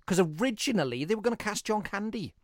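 A man's voice: high voice, expressive, fast talker, no echo, clean studio sound. A man hosting a podcast, chatting enthusiastically about a film and rambling through restarts. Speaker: podcast host. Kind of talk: casual film chat.

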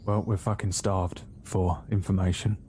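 A man's voice: low-pitched, level tone, normal speed, warm tone, slight background noise. A man talking casually and hesitantly as a player in a tabletop role-play. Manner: casual, hesitant, plain-spoken.

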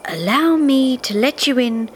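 A woman voicing Father Time, a kindly old man with a warm, friendly voice who speaks slowly, softly and a little conspiratorially. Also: high-pitched, expressive, a little hiss or hum. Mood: gentle. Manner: slow, soft and gently conspiratorial.

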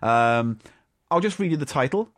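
Guy cohosting a comedy podcast, swears a lot, teasing, lively up-and-down voice. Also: medium pitch, normal speed, no room sound, studio quality. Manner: jokey, crude and swearing, teasing. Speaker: podcast co-host. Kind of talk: casual comedy chat.

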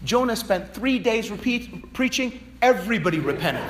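Guy preaching a sermon, loud then quiet, a little faint hiss behind him. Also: sits high, lively intonation, a little slow. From Virginia, USA. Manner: swings between loud shouting and quiet asides. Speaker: pastor.

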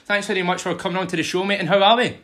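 A man's voice: high voice, steady tone, racing, a bit bright. A man hosting a podcast, chatting casually and calling his guest "mate" in nearly every line. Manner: casual and friendly, keeps saying "mate". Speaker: podcast host. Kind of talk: casual interview chat.

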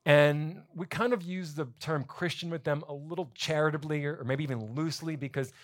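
A man preaching a sermon to his church congregation, explaining scripture in a lively, conversational teaching manner. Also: on the high side, brisk. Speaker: pastor. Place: church sanctuary.

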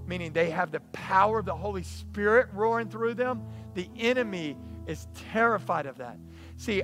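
A man preaching a sermon in an animated, emphatic, storytelling way. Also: sits high. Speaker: pastor.

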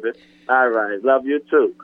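A man with a New Orleans accent calling a radio show, affectionate and halting. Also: mid-range voice, a crowd in the background. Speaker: caller. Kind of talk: phone call to radio. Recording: dull phone line.

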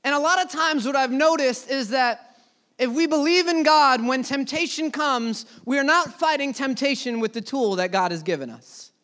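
A young man preaching a sermon, telling a personal story earnestly, his voice dropping low and soft then rising loud. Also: expressive, normal speed.

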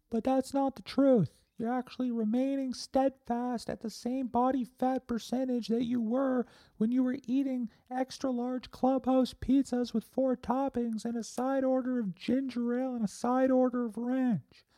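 A man voicing a preachy male delivery driver in a squeaky falsetto, lecturing and scolding. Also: dark tone, dry recording, studio quality.

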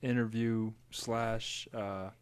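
A man co-hosting a podcast in rambling, deadpan casual chat. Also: on the low side, slow, smooth. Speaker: podcast co-host.

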